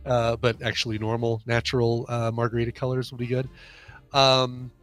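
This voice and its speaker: A man's voice: medium pitch, completely flat delivery, moderate pace, fairly bright tone, soft background music. A man co-hosting a podcast in casual chat, stuffy and congested, rambling with fillers. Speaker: podcast co-host.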